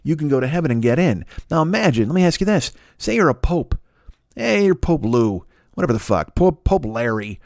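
A man delivering a rambling, profane comedic monologue, slipping into quick voices for the people in his story. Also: on the high side, sing-song, creaky, a little mellow, no echo, clean studio sound. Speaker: podcast host.

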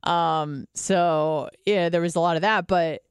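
A woman's voice: fairly low pitch, steady tone, unhurried, smooth, no echo, clean studio sound. A young American woman talking candidly in a casual podcast chat, swearing freely and filling gaps with "like" and "um". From United States.

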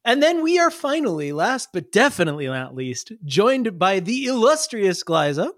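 A man's voice: sits high, sing-song, moderate pace, a bit bright, no echo, studio quality. A man hosting a tabletop storytelling podcast as game master, upbeat and enthusiastic, with a bouncy delivery. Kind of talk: tabletop podcast hosting and scripted fantasy narration.

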